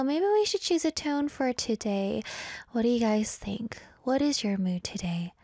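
A woman DJ hosting a radio show, chatting and reading listener comments. Her voice swings between a high register and a low, breathy one. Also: expressive, normal speed, mellow, no room sound, studio quality. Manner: drops into a breathy whisper at times. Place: broadcast studio in South Korea.

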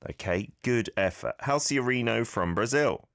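A man hosting a language lesson show, patiently and encouragingly modelling phrases and gently correcting listeners' pronunciation. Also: mid-range voice, expressive, normal speed, dry recording, studio quality. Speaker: host and language teacher. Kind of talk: radio-style language lesson with listener feedback.

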